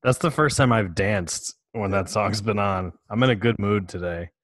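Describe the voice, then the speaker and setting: A man's voice: fairly low pitch, moderate pace, fairly bright tone, no room sound, studio quality. A man hosting a podcast, firing off playful one-liners in a casual chat. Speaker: podcast host. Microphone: video call.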